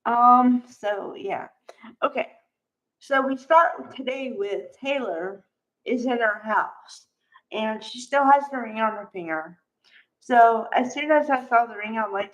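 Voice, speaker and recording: A woman's voice: fairly high pitch, lively intonation, slow pace, pauses often, rough recording. A woman casually recapping a soap opera episode, chatty and exclamatory, acting out the characters' lines. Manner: chatty, exclamatory, acts out quotes.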